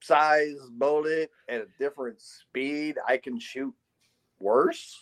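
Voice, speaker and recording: A podcast guest who works as a marksmanship instructor tells casual stories full of lively sound effects and frequent laughs. His voice is fairly high and he speaks slowly.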